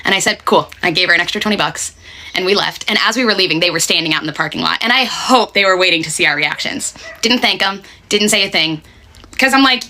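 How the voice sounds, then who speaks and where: Young woman ranting fast, bright punchy voice, swears a lot, keeps going "okay?". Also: mid-range voice. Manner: blunt, sweary, emphatic, keeps asking "okay?". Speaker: restaurant server telling a story. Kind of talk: casual storytelling rant.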